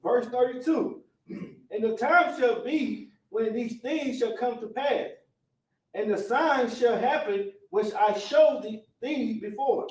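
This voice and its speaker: Southern man, slow deliberate reader of scripture, off-mic in a roomy space. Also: extremely high pitch. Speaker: class member reading scripture. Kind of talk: reading scripture aloud. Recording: echoey room, voice far from mic.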